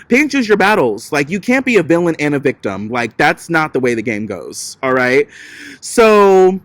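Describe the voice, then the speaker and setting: Sassy, chatty man with a higher voice. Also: a bit bright, no room sound. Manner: chatty and sassy, heavy on "like" fillers. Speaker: reality TV recap commentator. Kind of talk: casual gossipy commentary.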